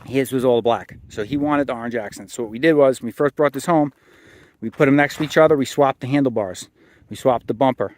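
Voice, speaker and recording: Man, casual vlog host, rambling, lots of fillers, mid-pitched voice. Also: brisk, a little mellow, a little hiss or hum. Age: adult, married with a son. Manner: chatty and rambling, many fillers and restarts. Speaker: channel host.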